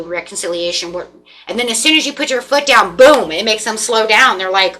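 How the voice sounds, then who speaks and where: A woman giving a casual tarot reading, animated and repetitive, acting out the people in the cards. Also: mid-range voice, fairly quick. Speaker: tarot reader.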